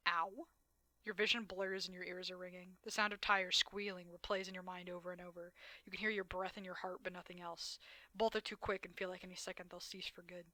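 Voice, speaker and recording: A woman's voice: on the low side, level tone, fairly quick, sharp tone, no echo. A woman streamer reading a dating game aloud, dramatic narration broken by blunt, swearing asides.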